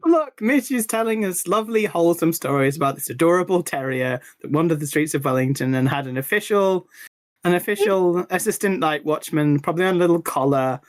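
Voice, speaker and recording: A co-host of a live-streamed chat, playful and quick to giggle. Mid-pitched, recorded close up with a dry, dead sound. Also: lively intonation, no echo. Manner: giggly, playful, laughs often. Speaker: podcast co-host.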